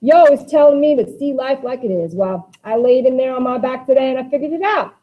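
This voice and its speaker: A woman reading Walter, a bitter young man who rails against how the world is divided. The impassioned voice sits high and runs hot with resentment. It comes through a dull, lo-fi recording. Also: a little fast. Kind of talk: dramatic play reading.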